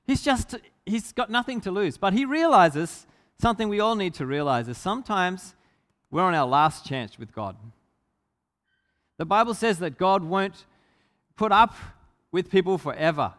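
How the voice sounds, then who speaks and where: A man's voice: high voice, animated, normal speed, fairly bright tone. A man preaching a sermon, telling a story with emphasis and asking the congregation rhetorical questions. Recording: long hall reverb.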